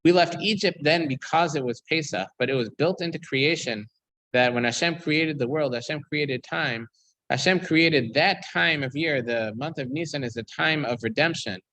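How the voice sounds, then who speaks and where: A man's voice: fairly high pitch, moderate pace, pushed and bright, no echo, poor audio. A man, a rabbi, teaching a weekly Torah class, reading verses aloud and explaining them while he thinks aloud with many ums and restarts.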